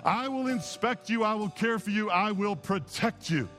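Male pastor, fairly high voice, sermon delivery that moves from hushed to emphatic, long church reverb. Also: lively intonation, moderate pace, faint music behind. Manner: impassioned, swings from hushed to emphatic. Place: church sanctuary.

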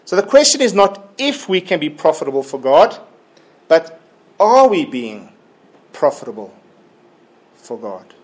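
Male preacher for a verse-by-verse Bible sermon: slow, slightly high voice, emphatic and repetitive. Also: big pitch swings. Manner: deliberate, emphatic, repeats key phrases.

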